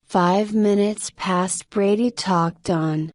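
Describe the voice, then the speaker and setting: A woman reading a novel aloud as scripted narration for English learners, in a slow, measured way. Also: medium pitch, steady tone, no echo, clean studio sound.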